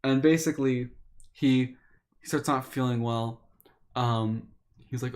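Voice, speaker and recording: A man streaming, retelling a story in a casual, animated way with lots of fillers. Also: medium pitch, measured pace. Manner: animated retelling, with many fillers and acted quotes.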